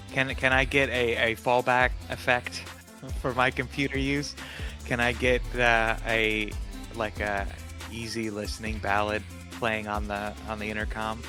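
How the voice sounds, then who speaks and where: A man's voice: lowish voice, fairly even intonation, a little slow, music in the background. A man playing a tabletop game, joking and hesitant as he talks through his moves. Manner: joking, hesitant, lots of restarts. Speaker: player. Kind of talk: casual tabletop play.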